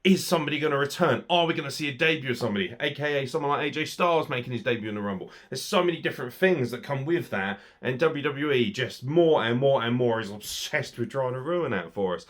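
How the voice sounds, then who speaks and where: A man's voice: expressive, fast talker, few pauses. A British man hosting a wrestling review, talking bluntly and sarcastically with lots of swearing. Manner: blunt, sweary, sarcastic, big swings in pitch and volume. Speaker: wrestling reviewer and podcast host. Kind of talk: casual opinionated review.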